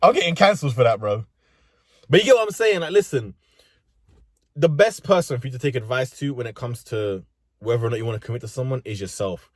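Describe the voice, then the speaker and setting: Sitting in a car, a young male vlogger with a London accent rants for laughs, swearing and using street slang. He talks quickly at medium pitch with lively intonation, captured in studio quality with no room sound.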